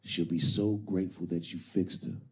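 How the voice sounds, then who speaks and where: A menacing old pimp giving hard advice in a low, hushed murmur, as a man acts him out. The voice drops deep below the comic's own, flat and cold. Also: moderate pace, lightly acted.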